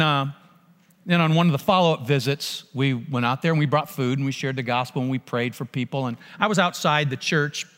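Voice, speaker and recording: A man preaching a sermon, telling a mission story with animated, acted-out dialogue and frequent restarts. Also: on the high side, big-room sound. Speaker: pastor.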